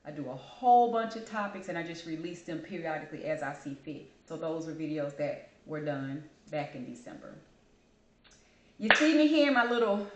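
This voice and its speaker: Holding back tears as she grieves, a woman talks openly to camera on the vlog she hosts, calling her audience y'all. Her pitch is fairly low, and the recording is reverberant.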